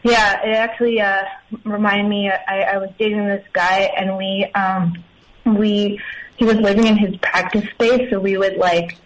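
A woman's voice: mid-range voice, steady tone, measured pace, rough recording. A woman calling in to a radio show, telling a story hesitantly with lots of fillers. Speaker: caller. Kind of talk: casual phone chat.

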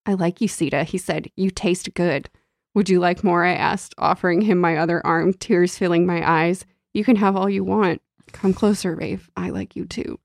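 A woman's voice: lowish voice, normal speed, creaky, dry recording, studio quality. A young adult woman chatting casually about a novel and reading passages aloud. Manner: reads novel passages aloud, animated and laughing when chatting. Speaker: book club podcast co-host.

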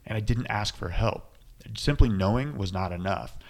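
Male podcast host, lowish voice, chatty, jokey. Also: lively intonation, moderate pace, a little mellow. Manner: chatty, joking, shares own stories. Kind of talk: podcast interview.

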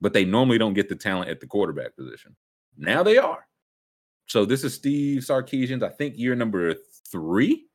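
Animated low-voiced man talking sports. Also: a little fast, hardly any pauses. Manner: animated, joking, jumps between thoughts. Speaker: sports podcast host. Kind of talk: casual sports chat.

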